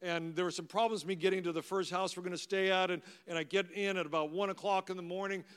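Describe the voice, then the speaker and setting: High-voiced pastor telling stories in a reverberant hall. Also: male voice, steady tone, quick pace, smooth. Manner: conversational, anecdotal, warmly humorous. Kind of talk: storytelling sermon. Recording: long reverb of a large hall.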